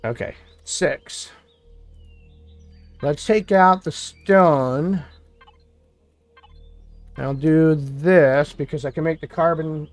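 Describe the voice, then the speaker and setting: Faint music plays behind this New York State man as he streams a game, talking slowly with long pauses in a fairly high-pitched voice. He rambles casually, thinking out loud as he plays.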